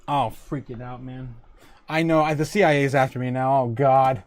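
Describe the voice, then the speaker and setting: A man's voice: a little high, moderate pace, a little mellow, dry recording. A man hosting a casual livestream who reads out viewer comments, rambling and joking and laughing often. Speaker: livestream host.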